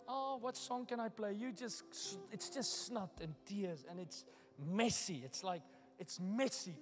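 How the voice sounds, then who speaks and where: A male pastor preaching a sermon, moving from hushed, personal storytelling to loud, daring challenges to the congregation. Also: extremely high pitch, big-room sound. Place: church hall.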